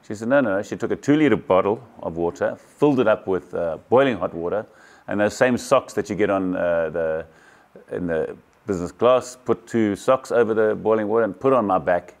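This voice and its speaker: A man's voice: on the low side, normal speed. A man in his sixties from South Africa, candidly recounting a personal story to camera in a matter-of-fact way. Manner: candid, matter-of-fact, quotes others in dialogue. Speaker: kayaking champion telling his story.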